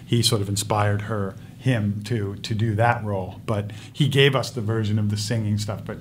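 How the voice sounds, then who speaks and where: A man, a film director, telling stories in a casual interview, lively and laughing as he recounts. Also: fairly low pitch, normal speed, slight background noise. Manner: animated storyteller, laughs while recounting.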